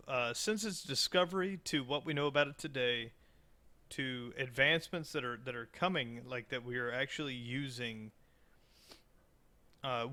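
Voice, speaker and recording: A man's voice: medium pitch, sharp tone. A man co-hosting a podcast in loose, joking chat, rambling with restarts and swearing. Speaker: podcast co-host. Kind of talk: casual chat.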